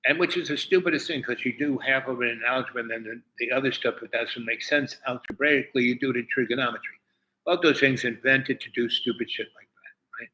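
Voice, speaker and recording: A man's voice: mid-range voice, a little fast, bright, forceful tone, poor audio. A man telling a rambling, profane story in a casual chat to his viewers as host. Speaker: livestream host.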